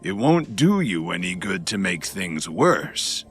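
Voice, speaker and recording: A man voicing a smooth middle-aged official who placates others in a condescending way in an audiobook. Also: sits low, sing-song, slow pace, faint music behind, heavily acted. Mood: placating. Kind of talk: audiobook narration.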